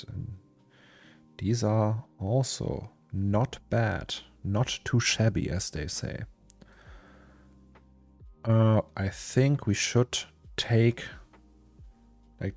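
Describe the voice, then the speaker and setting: A young man with a fairly low, darkish voice and some vocal fry chats casually with viewers and thinks out loud while live-streaming his 3D work from a home office. Faint lo-fi music plays in the background.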